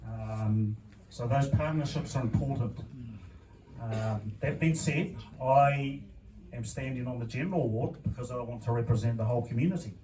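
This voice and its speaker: A man with a New Zealand accent giving a deliberate speech as a council candidate, often checking in with "okay?". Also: medium pitch, warm tone. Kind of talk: public meeting speech. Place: club hall at a public meeting. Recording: distant mic with faint noise.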